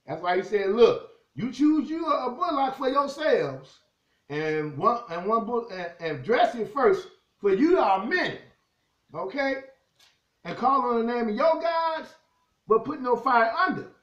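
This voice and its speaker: Male preacher, high and lively delivery, reads scripture aloud, roomy and slightly muffled recording. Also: measured pace. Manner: animated preaching, reads scripture aloud, keeps addressing the crowd as "y'all". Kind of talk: sermon.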